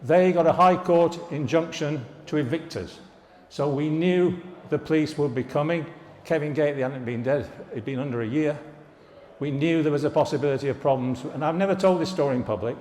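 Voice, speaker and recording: Older man, fairly high voice, wry storytelling speech, echoing hall reverb. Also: brisk, darkish tone. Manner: storytelling, wry asides and jokes. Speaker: former students' union president giving an anniversary speech. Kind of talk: anecdotal speech to an alumni audience. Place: large hall at a live event. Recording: echoey hall, reverberant room.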